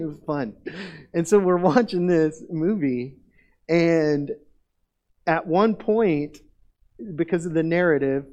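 A man delivers a casual, story-filled sermon, his voice sitting a little high. He talks in loose, rambling sentences, often restarting them, and perks up when a funny story takes off. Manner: conversational, rambling, frequent restarts; animated when telling funny stories. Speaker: pastor. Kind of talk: sermon with personal stories.

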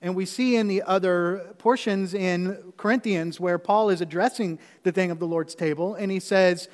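A man's voice: high voice, steady tone, moderate pace. Male pastor preaching in an echoing hall. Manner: storytelling, conversational, repeats phrases. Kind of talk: sermon with personal story.

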